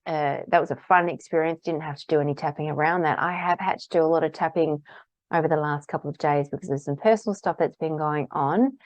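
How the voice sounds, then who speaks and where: A woman's voice: sits low, quick pace, dry recording. A woman practitioner giving a casual, candid talk about tapping, acting out the phrases she repeats aloud while tapping.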